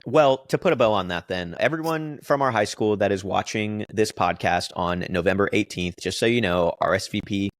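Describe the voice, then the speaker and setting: A man's voice: on the low side, moderate pace, few pauses, no echo. A man in his late twenties co-hosting a podcast, chatting casually with lots of fillers and defensive banter. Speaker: podcast co-host. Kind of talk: casual chat.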